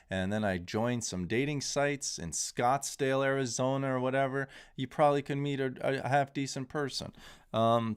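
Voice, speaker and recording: A man's voice: mid-range voice, clean tone. A man in his thirties hosting a crypto livestream, talking casually and candidly in a rambling, opinionated way with frequent restarts. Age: 30s.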